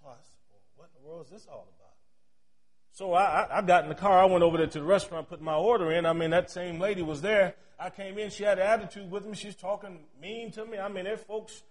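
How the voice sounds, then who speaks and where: A pastor, a middle-aged man with a high-pitched voice, preaches a sermon. He tells personal stories with chatty asides. His loudness rises to near shouts and drops to quiet murmurs. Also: steady tone, fast talker, hardly any pauses.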